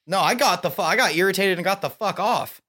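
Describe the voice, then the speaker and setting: A man's voice: sits high, fast talker, pushed and bright. A man co-hosting a podcast in casual chat, rambling and profane, laughing often. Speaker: podcast co-host.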